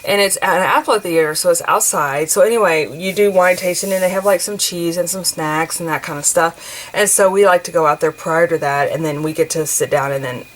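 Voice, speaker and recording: This woman's voice is lowish and a little fast. She's an American craft vlogger in her forties, chatting and rambling over a craft journal with many fillers and restarts. A bit of hiss or hum runs through the rough recording.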